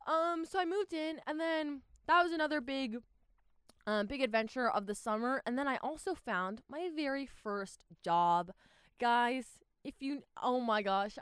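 Chatty young woman vlogger, lively and rambling. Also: high voice, clear, resonant tone, no room sound, clean studio sound. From Southern California. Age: young adult. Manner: rambling, animated, lots of fillers and restarts. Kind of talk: casual chatty vlog.

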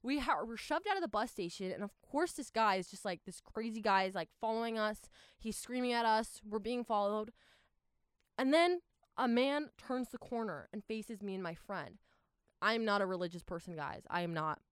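A young woman in her twenties telling a travel story in a casual, animated way, full of "like" and exasperated asides. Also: medium pitch, normal speed, clean tone, no room sound, clean studio sound.

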